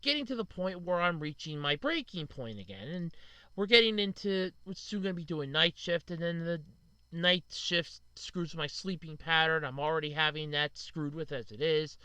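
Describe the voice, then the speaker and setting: A man's voice: on the high side, lively intonation, moderate pace, pushed and bright, clear, resonant tone, no echo. A man in his thirties hosting a casual solo podcast, venting in frustration and blaming himself, with lots of "uh". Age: 30s. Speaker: podcast host.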